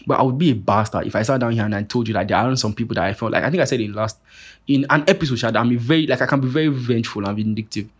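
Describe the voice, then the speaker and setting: Young male podcast host, husky mid-range voice, loose profane solo rant. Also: mid-range voice, very fast. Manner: profane, animated, rambling with many restarts. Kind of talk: casual monologue rant.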